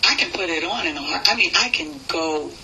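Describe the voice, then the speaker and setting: Brief: expressive New York woman, radio guest, lively swooping pitch, very bright voice, laughs often. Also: brisk, slight background noise, low-quality recording. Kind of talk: casual radio interview.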